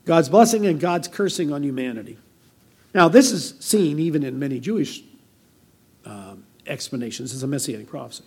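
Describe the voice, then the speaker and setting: An older American man delivering a sermon as pastor, conversational and anecdotal, with a gravelly voice. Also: fairly high pitch, animated, moderate pace. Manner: conversational preaching with personal anecdotes.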